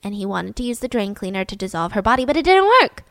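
A woman's voice: medium pitch, very animated, fast, a bit bright, no room sound. A woman hosting a podcast, telling a true-crime story in a casual, emphatic way with lots of "like". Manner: chatty, emphatic, full of "like". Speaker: podcast host.

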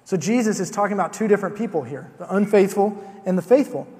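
Man, preacher, sermon, casual talk with fillers and restarts, fairly high voice, long hall reverb. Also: expressive, fast, mellow. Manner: conversational, with filler words and repeated starts.

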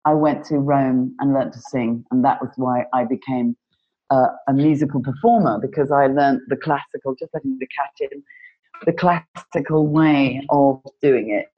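A woman recalling her start in performing, speaking earnestly and reflectively in a relaxed conversation. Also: rumbling low, normal speed, dull audio. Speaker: panel guest, performer. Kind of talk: casual conversation. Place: home during lockdown.

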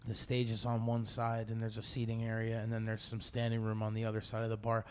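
A man's voice: on the low side, completely flat delivery, fast, a little hiss or hum. A man co-hosting a casual podcast chat, telling jokes in a dry way and plugging comedy shows. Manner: dry, joking delivery with show plugs.

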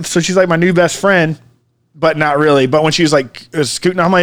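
Guy, 30s, podcast co-host; rambling, laughing storyteller, slightly higher voice. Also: brisk. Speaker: podcast co-host, bar owner. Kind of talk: casual chat.

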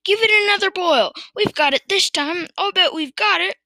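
Woman reads excitable farmer father, shrill and frantic, bright dry storybook voice. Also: normal speed, creaky, no room sound, exaggerated voice. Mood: urgent.

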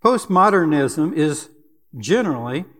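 An older man, a church elder, giving an earnest, deliberate sermon with occasional fillers and pauses. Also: a little high, very animated, a bit bright. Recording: long hall reverb.

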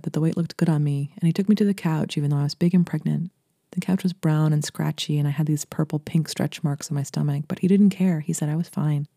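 A Brooklyn-born writer and podcast host narrates a literary short story in a steady, intimate voice that is deep, mellow and gravelly, moving briskly along. The recording is dry and close, with no echo and no room around it.

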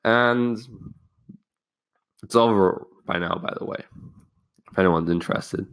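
Low-voiced young man telling a candid story. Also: unhurried, gravelly, a bit bright. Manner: candid storytelling with casual swearing; loose, rambling phrasing with restarts. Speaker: podcast host. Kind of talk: casual self-help monologue.

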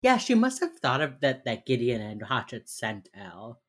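This young woman's low voice swings widely in pitch as she recaps a TV episode as a podcast co-host. The chat is casual and animated, and she slips into quick impressions of the characters, acting out their lines as she retells scenes.

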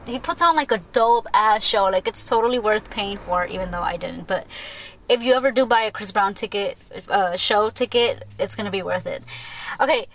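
Young female podcast host, casual storyteller, excitable and giggly, slightly high voice. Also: slight background noise. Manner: excitable, lots of "like" and laughter.

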